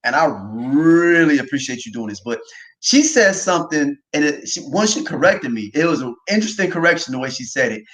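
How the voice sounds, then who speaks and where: A man hosting a casual faith talk livestream, animated and often laughing, tagging lines with "right?". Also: a little high, poor audio. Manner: animated, quick to laugh, repeats himself, says "right?" often. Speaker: podcast host.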